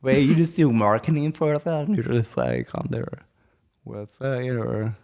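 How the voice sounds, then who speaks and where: A man's voice: medium pitch, expressive, unhurried, a little mellow. A young man co-hosting a comedy podcast, chatting casually and rambling with many restarts and fillers. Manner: rambling, hesitant, full of restarts.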